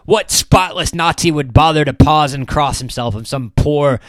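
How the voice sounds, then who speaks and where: A man reading a story as a narrator, low-key and measured. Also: a bit bright, dry recording. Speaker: audiobook narrator. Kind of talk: scripted narration.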